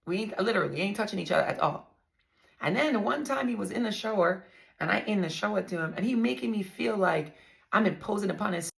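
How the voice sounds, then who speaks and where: A woman's voice: medium pitch, lively intonation, fairly quick, gravelly, a bit bright. A woman vlogger candidly telling her own story to her viewers, blunt and profane, often calling them y'all.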